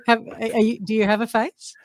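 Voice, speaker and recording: A woman's voice: fairly high pitch, little pitch movement, a little slow, no echo. A woman with an Australian accent, a guest in casual chat, chatty and giggly.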